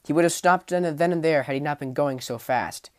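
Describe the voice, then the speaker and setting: A man reading a fantasy novel aloud as an audiobook, telling the story vividly, rising in the battle scenes and sinking low for menace. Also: fairly quick, no room sound. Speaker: audiobook narrator. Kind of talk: dramatic audiobook narration.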